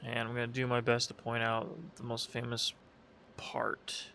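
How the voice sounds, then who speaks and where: A man's voice: medium pitch, completely flat delivery, a little fast, bright, forceful tone, a little hiss or hum. A young man casually commenting while flying in a game, rambling, correcting himself, and sounding half awake. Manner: rambling, self-correcting, sleepy. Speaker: gaming video creator. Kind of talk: casual live commentary over a flight game.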